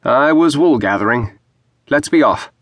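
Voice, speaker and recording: A man doing a gruff weathered sea captain. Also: mid-range voice, animated, unhurried, a bit bright, dry recording, voice pushed up. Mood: rueful. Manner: gruff, rueful sailor's speech. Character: weathered older male ship captain, brooding.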